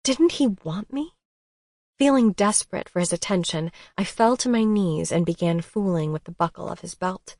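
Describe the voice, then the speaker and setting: A woman's voice: lowish voice, a little fast, hardly any pauses, a little mellow, dry recording, clean studio sound. A woman narrating a first-person romance audiobook in an intimate, emotional way.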